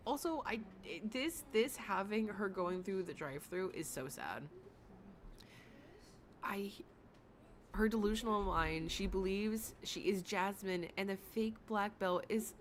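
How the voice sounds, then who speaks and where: A woman's voice: medium pitch, slight background noise. A woman streamer giving casual, chatty commentary on a livestream, laughing often and adding sarcastic asides. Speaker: reaction streamer.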